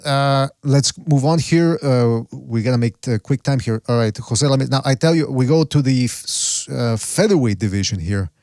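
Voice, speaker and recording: A podcast host rambles casually, pausing to search for names and restarting his sentences. His medium-pitched voice is a little mellow, at normal speed with hardly any pauses, and the recording is dry with no room sound.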